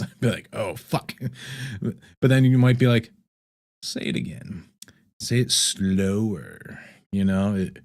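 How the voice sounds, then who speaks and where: A man with a slightly low voice hosts a relaxed live stream. He rambles loosely, reads viewer comments aloud and laughs often between thoughts. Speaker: livestream host. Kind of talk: casual live-stream chat.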